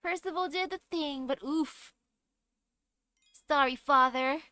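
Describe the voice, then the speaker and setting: A young woman streaming a game, chatting excitably as she plays. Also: high voice, slow, no room sound. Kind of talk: casual game commentary.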